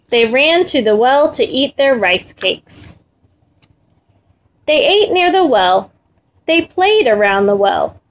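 A woman reading a children's story aloud in a gentle, rhythmic way, repeating phrases. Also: high-pitched, lo-fi sound.

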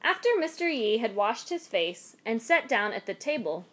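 A woman narrating a folk tale in a measured, expressive storytelling manner. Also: on the high side.

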